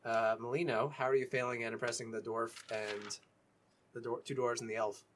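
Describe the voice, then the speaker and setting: A young man with a husky voice, narrating a tabletop role-playing game as game master in a loose, joking way. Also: medium pitch, level tone, a little fast, slight background noise.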